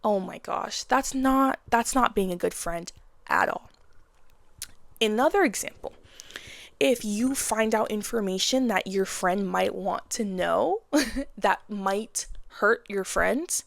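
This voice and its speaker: A woman's voice: mid-range voice, slow pace, gravelly, no room sound. A woman in her twenties giving frank, casual advice in a blunt monologue, with slang and swearing. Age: 20s. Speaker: vlogger.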